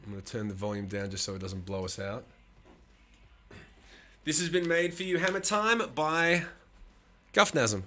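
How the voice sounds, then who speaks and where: A man's voice: mid-range voice, lively intonation, moderate pace, long pauses, bright, forceful tone. A man hosting a live stream, chatting casually with his viewers, swearing often and teasing them with bursts of laughter.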